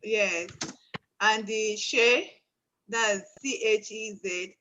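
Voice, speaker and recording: Woman student, slow and hesitant, dull lo-fi video call sound. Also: mid-range voice, sharp tone, slight background noise. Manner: hesitant, searching for words. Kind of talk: answering in an online class.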